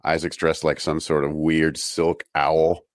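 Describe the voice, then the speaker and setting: A man co-hosting a podcast who makes dry jokes and slips into quick mock voices. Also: a bass voice, level tone, dry recording. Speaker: podcast co-host. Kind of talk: casual recap chat.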